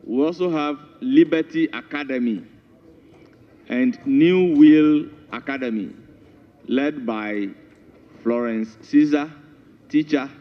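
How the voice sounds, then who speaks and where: A man with a Ghanaian English accent chairing a parliamentary sitting, measured and authoritative in formal address. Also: mid-range voice. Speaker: parliamentary speaker presiding. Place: large parliamentary chamber. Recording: dull broadcast feed, long chamber reverb.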